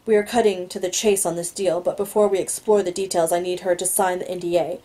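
A woman's voice: fairly low pitch, flat delivery, fast talker, warm tone, low-quality recording. A woman reading a novel aloud, stumbling on words now and then and adding her own asides. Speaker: reader.

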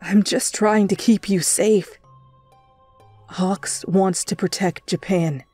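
A woman's voice: mid-range voice, steady tone, slow, warm tone, soft background music. A woman voicing a frantic, desperate young man who pleads and stammers, in a whispered role-play. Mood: pleading.

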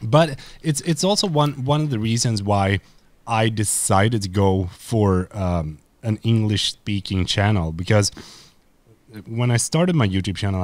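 A Swedish man, a content creator whose first language is Swedish, chats loosely as a podcast guest with a Swedish accent, full of fillers and restarts. His voice is on the low side with a darkish tone, captured in a dry recording.

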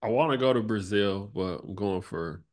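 Man, thirties, low voice, laid-back reflective interview talk, filler-heavy, fades out at phrase ends. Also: moderate pace. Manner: relaxed, lots of "like" and "you know", trails off softly. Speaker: podcast guest, former basketball player.

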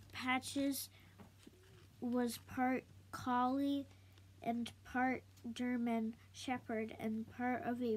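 A woman reading a children's book aloud slowly, halting now and then to correct herself. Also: on the high side, darkish tone, a little hiss or hum. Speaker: storybook reader.

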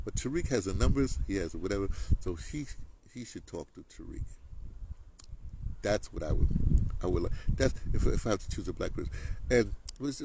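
Male commentator, rambling rant, animated delivery, noisy lo-fi recording. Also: brisk. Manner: rambling, repeats words, lively pitch. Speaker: political commentator. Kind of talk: ranting monologue.

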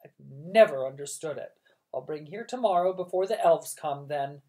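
A woman voicing a rich, bossy elderly great-aunt who issues orders in a loud, haughty way. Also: deep voice, lively intonation, moderate pace. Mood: imperious.

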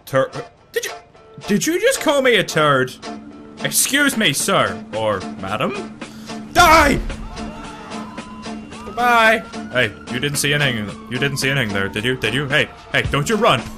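A man giving excitable gameplay commentary, often yelling and laughing. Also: mid-range voice, moderate pace, over music. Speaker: gaming channel host.

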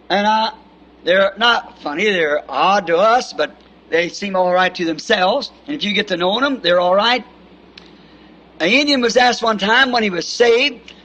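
A man's voice: sits high, sharp tone, lo-fi sound. A man with a Southern American accent preaching a sermon in a folksy, storytelling way, recorded on an old 1960s tape. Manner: folksy anecdotes with repeated "See?". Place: church meeting with congregation.

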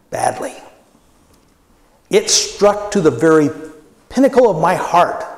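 A man in his sixties preaching a sermon as pastor, earnest and personal, often dropping his voice low for emphasis. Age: 60s. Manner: earnest, personal preaching with dramatic quiet drops. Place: church sanctuary. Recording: echoey church hall with long reverb.

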